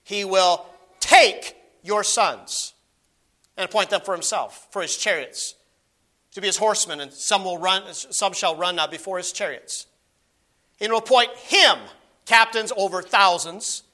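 A pastor with a high voice delivers an expository sermon, shifting between emphatic exclamations and quiet asides. He reads scripture aloud in slow, measured phrases.

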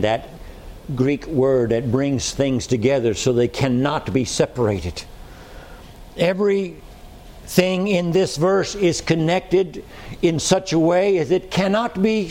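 A male pastor preaching a sermon to a congregation in a church, slow and emphatic, stressing his points with repetition and rhetorical questions. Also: on the high side, a little mellow.

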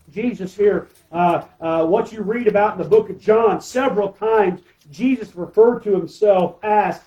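Male pastor with a high voice, emphatic sermon with rhetorical questions. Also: dark tone, muffled recording.

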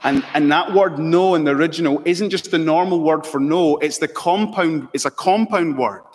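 A man preaching a sermon as pastor, slow and emphatic, building to fervent peaks. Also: on the high side, a little mellow. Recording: long hall reverb.

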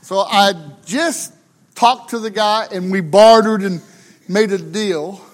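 A pastor from the United States spins a humorous story from the pulpit in a fairly high voice. He speaks slowly and in a folksy, chatty way. He keeps checking in with his listeners through tag questions.

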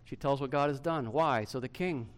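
A middle-aged male pastor preaching a sermon to his church, swinging from loud emphasis to hushed softness. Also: medium pitch, moderate pace.

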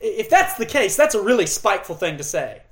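A middle-aged pastor delivering an expository sermon, earnest and emphatic, with dramatic pauses and occasional restarts. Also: male voice, sits high, sing-song, a bit bright.

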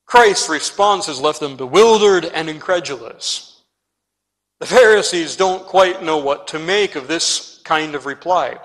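A man's voice: fairly high pitch, unhurried, a bit bright. A man preaching an expository sermon, earnest and direct, turning to his listeners and leaning hard on key words. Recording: long reverb in a large hall.

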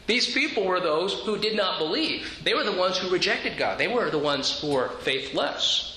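A man preaching a sermon with a high, bright voice that carries through an echoey room. He explains scripture step by step, often stumbling over a word and repeating it before going on. A faint hum of ambience sits under his voice. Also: expressive, moderate pace, hardly any pauses. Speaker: pastor.

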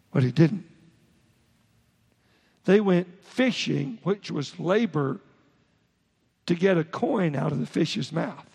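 A male pastor preaches in a high, gravelly, husky voice, driving home each point in short emphatic bursts and stumbling into quick restarts. His words ring out with a long reverb, as if filling a church sanctuary. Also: darkish tone. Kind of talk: sermon.

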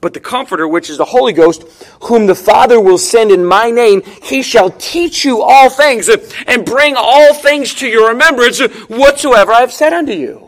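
Preaching at an ordinary speed, a middle-aged man in the pulpit keeps a conversational tone, repeats his phrases, and moves between emphatic rises and low, quiet asides.

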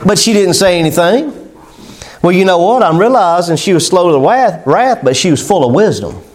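A man's voice: high-pitched, animated, normal speed, a little mellow. A man preaching a sermon in a folksy, conversational way, chuckling between points. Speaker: pastor.

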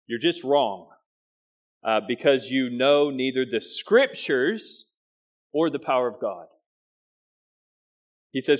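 Guy preaching a sermon, medium voice, punches the key words, quick asides in between. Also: medium pitch, expressive. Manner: emphatic preaching, quick asides with slow stressed phrases. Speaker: pastor.

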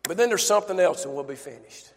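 A man's voice: high voice, animated, fast, a little hiss or hum. A male pastor preaching a sermon emphatically, asking his congregation questions, heard with long reverb in a church.

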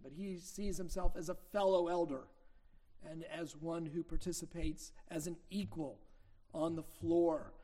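A man's voice: on the high side, fairly even intonation, a little slow, dark tone. A middle-aged man preaching a sermon as a minister, teaching in a conversational way with anecdotes and leaning hard on key points.

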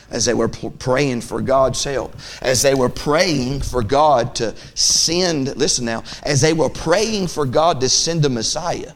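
A male pastor preaching a midweek sermon in church, rising to loud, fervent peaks and dropping to quiet, hushed talk, often repeating and restarting phrases. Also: mid-range voice.

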